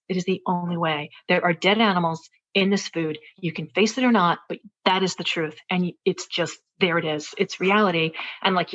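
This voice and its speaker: A woman's voice: lowish voice, fairly bright tone. A woman author talking as an interview guest, telling a personal story in an earnest, searching way, with many fillers and restarts. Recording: dull, lo-fi interview audio.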